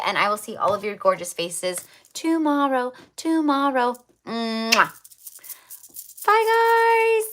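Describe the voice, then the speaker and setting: A woman with a somewhat low voice reads tarot cards on a livestream. She talks in a chatty way, full of fillers, and repeats her affirming spiritual phrases. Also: pushed and bright. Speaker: tarot reader.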